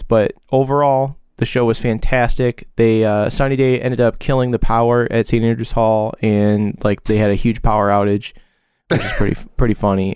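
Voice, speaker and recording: A man's voice: mid-range voice, a little mellow, clean tone, no echo, clean studio sound. A man in his forties chatting casually on a podcast, telling a rambling story with lots of fillers and restarts. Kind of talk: casual chat.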